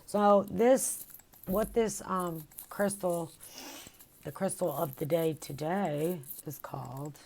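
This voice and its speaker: A woman's voice: lowish voice, slow pace, darkish tone. A woman talking in a rambling, reflective way, with many fillers and restarts, in a casual video diary recorded on her phone. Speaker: vlogger.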